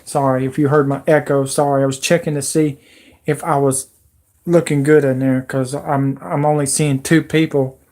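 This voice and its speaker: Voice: mid-range voice, little pitch movement, normal speed, a little mellow. A livestream host giving an agitated, emotional, rambling rant into a computer microphone. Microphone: computer mic.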